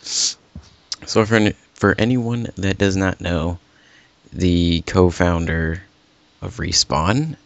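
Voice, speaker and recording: A man's voice: low voice, no room sound, muffled recording. A man hosting a casual gaming podcast, rambling and correcting himself as he chats with a friend. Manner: rambling, self-correcting, animated. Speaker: podcast host.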